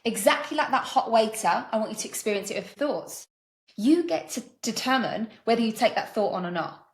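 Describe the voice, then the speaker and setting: Podcast guest: woman mindset coach, rapid delivery, animated storytelling, roomy echo. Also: fairly high pitch. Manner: animated, acts out little dialogues in quoted voices. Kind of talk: casual podcast conversation.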